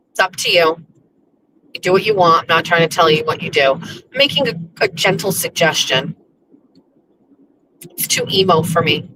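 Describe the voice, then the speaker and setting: A woman livestreams casually from her car as she drives down the road, rambling along with restarts and bursts of laughter. Her voice is mid-range, and there's a lot of background noise.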